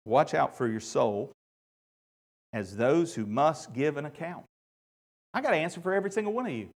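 A man, a pastor, delivering a sermon, moving between relaxed storytelling and impassioned, repetitive emphasis. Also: a little high, normal speed, heavy reverb, recorded from a distance. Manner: conversational storytelling with fillers.

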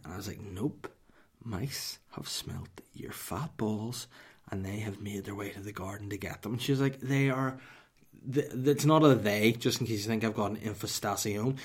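A young Northern Irish man hosting a podcast, telling a comic story in a sweary, mock-dramatic way and dropping to a whisper for punchlines. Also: mid-range voice. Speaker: podcast host.

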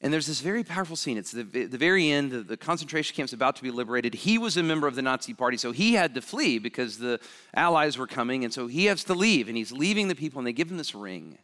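A man's voice: medium pitch, expressive, fast talker, bright, forceful tone. A male pastor delivering a sermon, fervent and conversational, building to emphatic peaks. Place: church sanctuary. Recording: long reverb of a large hall.

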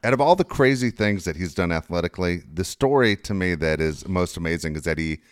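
A man hosting a podcast quiz segment, teasing his co-host in a quick, matter-of-fact way. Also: low-pitched, lively intonation, no echo, clean studio sound. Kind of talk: casual podcast banter.

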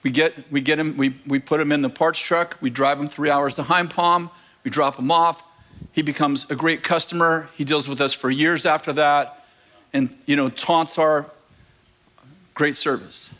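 A man preaching a sermon to a congregation, telling stories and addressing the crowd directly. He grows animated and emphatic, often acting out the voices of the people in his stories. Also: on the high side, moderate pace. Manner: animated storytelling, rising to emphatic near-shouting. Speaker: pastor.

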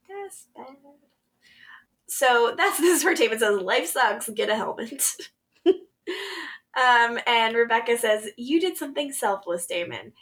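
Woman podcast co-host, casual recap chat, animated, laughs a lot, slightly high voice. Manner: animated, laughs often, acts out quotes.

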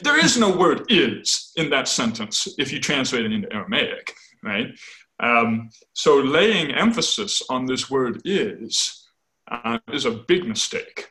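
Animated man explaining scholarship. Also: medium pitch, takes it slowly, poor audio. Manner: animated, tags points with "right?"; scholarly, self-correcting. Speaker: biblical scholar guest. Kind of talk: conversational explanation.

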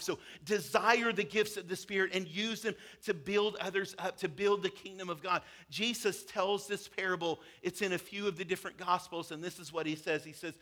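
A man preaching a sermon as a pastor, telling a parable with animated voices for its characters. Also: high-pitched, normal speed, hardly any pauses.

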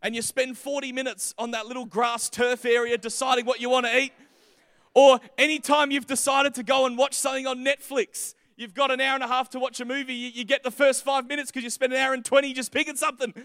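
A man preaching a sermon, moving from casual jokes to slow, emphatic scripture reading. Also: extremely high pitch, little pitch movement, a bit bright, no room sound, clean studio sound.

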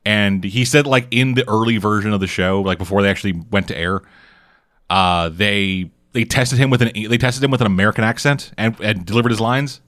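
A man's voice: on the low side, a little fast, a bit bright, no echo. A man casually recapping a TV show for a podcast, swearing often and rambling through asides. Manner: profane, rambling storyteller. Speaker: podcast co-host.

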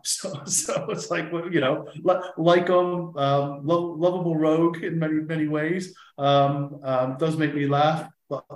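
A man's voice: fairly high pitch, reverberant, poor audio. A man talking as a guest on a podcast, rambling with lots of restarts while his throat gives him trouble. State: struggling to speak, throat trouble. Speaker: football club manager guest. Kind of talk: podcast chat.

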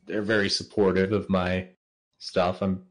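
A man's voice: deep voice, level tone, measured pace. A man as the guest on a casual podcast, answering questions hesitantly with lots of ums and easy laughter. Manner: hesitant, many fillers, laughs easily. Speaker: interview guest.

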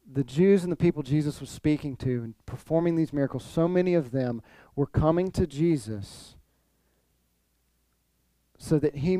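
A man preaching a sermon, animated, repeating his phrases and acting out the people he quotes. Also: on the high side, no echo. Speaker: pastor.

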